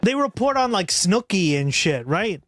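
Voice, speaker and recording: A man's voice: sits high, sing-song, normal speed, fairly bright tone, no room sound, faint music behind. A man hosting a livestream, chatting casually with a rambling, profane manner and frequent laughter. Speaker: livestream host. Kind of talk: casual chat.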